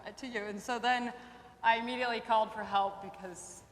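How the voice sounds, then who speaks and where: A woman's voice: on the high side, fairly quick. A woman in her twenties, a teacher on an alumni panel, telling stories casually and acting out the lines she quotes. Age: 20s. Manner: lively storyteller who acts out quoted lines. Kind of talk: casual storytelling. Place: campus event room. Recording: echoey hall with faint noise.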